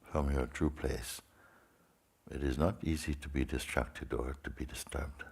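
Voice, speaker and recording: A man as a spiritual teacher leading a guided meditation in slow, sparse phrases with long pauses. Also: extremely low pitch, steady tone, creaky, a little mellow, husky.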